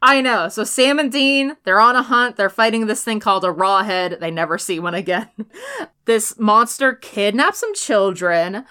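A woman's voice: medium pitch, animated, moderate pace, pushed and bright, smooth. A woman co-hosting a casual podcast, talking animatedly about a TV show, swearing often and laughing a lot.

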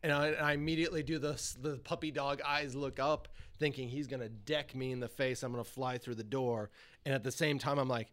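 Profane, animated male storyteller. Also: medium pitch, a little fast. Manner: profane, animated, laughs often. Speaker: podcast guest. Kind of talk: casual storytelling.

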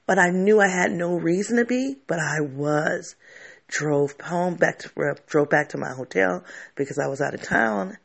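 A man's voice: high-pitched, normal speed, gravelly. A man telling a candid personal story to camera, reflective and often restarting his sentences.

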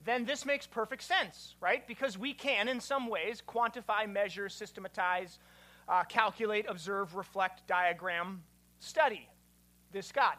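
A man, a pastor, giving an animated teaching sermon and quizzing his listeners. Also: high voice, unhurried.

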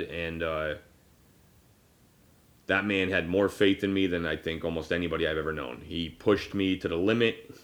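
Deep-voiced man in his thirties, halting. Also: a bit bright. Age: 30s. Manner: rambling, halting with many fillers and restarts. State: choked up. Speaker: podcast host. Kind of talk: casual personal conversation.

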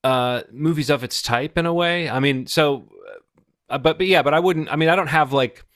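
A man's voice: fairly high pitch, moderate pace, a bit bright, dry recording, studio quality. A man in his forties talking through a movie on a podcast, thoughtful and hesitant, with many restarts. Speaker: podcast co-host. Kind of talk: casual film discussion.

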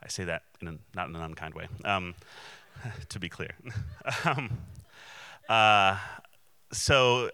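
Male pastor preaching in a loose, chatty way. Bright, clear voice, slightly low, and very dry. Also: measured pace, dry recording. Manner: conversational, many restarts and fillers; acts out quoted voices. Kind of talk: sermon.

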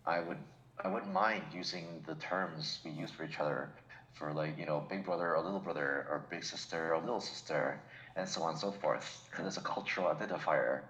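Deep-voiced man in an echoey room. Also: a bit bright. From New England. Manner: reflective, picks words carefully. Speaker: podcast co-host. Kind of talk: casual chat.

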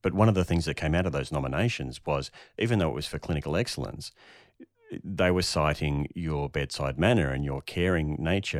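Very deep-voiced male podcast host. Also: no room sound, studio quality. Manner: affirming, rambling with restarts. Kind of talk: conversational interview.

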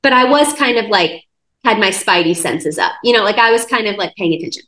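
A woman, a guest on a faith podcast, telling a personal testimony in a lively conversational way, with many "like" fillers. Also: mid-range voice, brisk. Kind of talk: conversational storytelling. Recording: roomy echo.

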